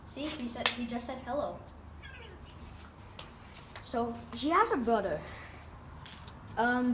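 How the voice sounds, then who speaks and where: A woman chatting casually while filming her cat at home, doting and rambling with fillers and restarts. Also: fairly high pitch. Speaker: pet vlogger. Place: at home near a backyard. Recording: roomy, distant mic, noisy background.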